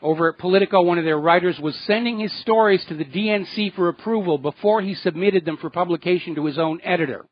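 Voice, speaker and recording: A man's voice: sits high, fast, hardly any pauses, lo-fi sound. A man hosting a political talk radio show, delivering indignant, sarcastic commentary.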